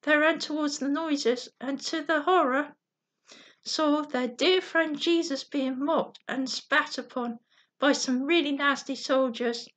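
High-voiced woman reading a bedtime story. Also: slow. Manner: gentle reading with slips and restarts.

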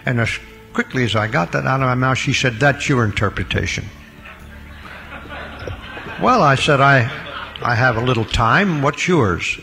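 An older man preaches a recorded Bible lecture in a gravelly, bright voice that swings widely between loud emphasis and quiet asides. The sound carries a long hall reverb over faint background music. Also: mid-range voice. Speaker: pastor.

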